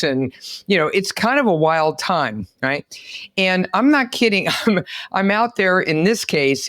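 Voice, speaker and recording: A woman hosting a podcast interview, an animated, exclamatory storyteller. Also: low voice, dry recording, studio quality. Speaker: podcast host. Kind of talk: lively interview chat.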